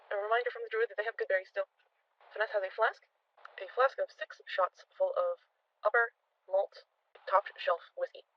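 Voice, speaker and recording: A game master narrating a tabletop game session in an animated, storytelling manner. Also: mid-range voice, moderate pace, muffled recording.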